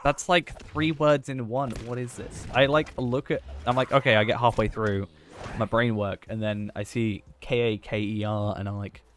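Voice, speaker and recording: A man's voice: mid-range voice, fairly even intonation, moderate pace, slight background noise. A man streaming a game, chatting casually and thinking aloud in a rambling, self-mocking way. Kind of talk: casual gameplay chat.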